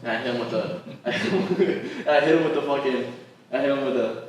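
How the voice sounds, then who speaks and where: A man's voice: medium pitch, expressive, normal speed, heavy reverb, distant mic, slight background noise, rough recording. A man co-hosting a comedy podcast, telling profane stand-up stories and acting out crowd voices in casual chat. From Latin American heritage.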